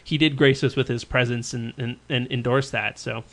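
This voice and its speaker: A man's voice: medium pitch, steady tone, moderate pace, fairly bright tone. A man co-hosting a casual podcast chat about tabletop games, rambling with lots of fillers and restarts. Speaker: podcast co-host.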